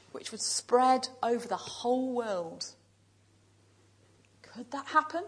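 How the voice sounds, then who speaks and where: A woman preaching a sermon in a church, speaking in measured, emphatic lists with pauses. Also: high-pitched, husky, rough recording.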